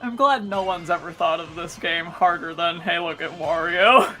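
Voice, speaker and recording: A man's voice: sits high, moderate pace, bright, forceful tone, low-quality recording. A young man co-hosting a casual podcast, rambling and laughing often. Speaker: podcast co-host. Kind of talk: casual chat.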